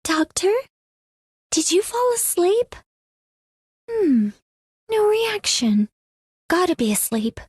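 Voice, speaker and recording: Caring young female operator from a game,; high, lively and unhurried, with dry, close sound. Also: no echo, full character voice. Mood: coaxing.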